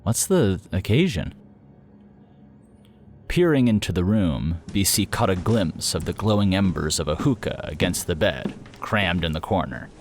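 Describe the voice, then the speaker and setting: Deep-voiced male audiobook narrator. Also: moderate pace, few pauses.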